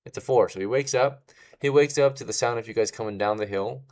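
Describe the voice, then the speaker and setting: A man's voice: mid-range voice, fast, darkish tone. A man narrating as game master in a casual way, often checking in with "right?". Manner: casual, tags lines with "right?".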